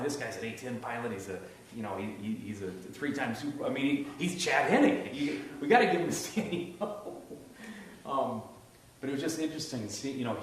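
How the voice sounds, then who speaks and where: A man in a casual church discussion who tells stories in a reflective, searching way. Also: medium pitch. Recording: echoey room, distant mic, faint noise.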